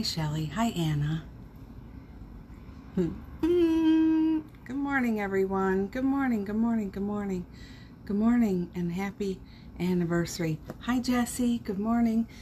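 A woman's voice: mid-range voice, warm tone, a little hiss or hum. A middle-aged woman hosting a casual morning live stream, greeting viewers by name in a gushing, upbeat way.

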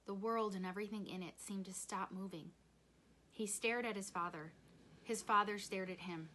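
A woman reading a children's novel aloud in measured storytelling. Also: mid-range voice, sharp tone, slight background noise. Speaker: reader.

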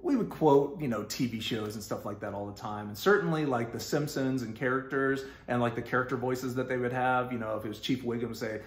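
A Texan man recounts a story from his youth in a loose, rambling style, stumbling over fillers and restarts and laughing along the way. His mid-range voice is brisk with hardly any pauses, ringing slightly in an echoey room.

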